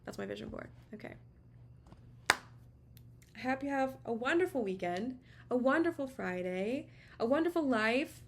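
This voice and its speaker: A woman with a fairly high, expressive voice speaks unhurriedly to camera from her home office, with vocal fry, long pauses and background noise picked up by the camera mic. She's a tarot reader delivering a casual channeled message, chatty, encouraging and emphatic, repeating words for stress.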